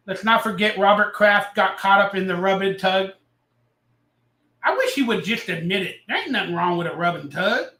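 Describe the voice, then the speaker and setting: A man's voice: high-pitched, bright, forceful tone, reverberant, recorded from a distance. A man hosting a casual live stream, ranting sarcastically and reading out viewer comments. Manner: ranting, sarcastic, reads chat aloud.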